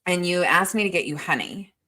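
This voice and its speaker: A woman's voice: lowish voice, a little fast, bright, forceful tone. Profane, exasperated middle-aged woman. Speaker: podcast co-host. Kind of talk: casual chat.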